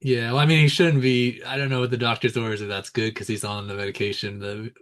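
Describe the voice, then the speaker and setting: A relaxed man co-hosting a sports podcast, talking in a loose, casual way. He chuckles between points and slips into mocking voices when he quotes people. His pitch sits in a middle range. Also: quick pace. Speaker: podcast co-host. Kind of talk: casual chat.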